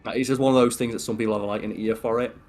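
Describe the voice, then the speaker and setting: A man's voice: mid-range voice, fairly even intonation, racing, darkish tone. Chatty young British man with a Scottish lilt. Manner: chatty, rambling storyteller. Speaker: stream co-host. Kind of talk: casual chat over gameplay.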